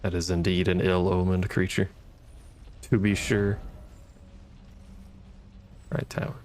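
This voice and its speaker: A man's voice: low voice, level tone, slow, darkish tone, slight background noise. A man giving casual, wry commentary as he plays a game, muttering and swearing at enemies. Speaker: gaming streamer.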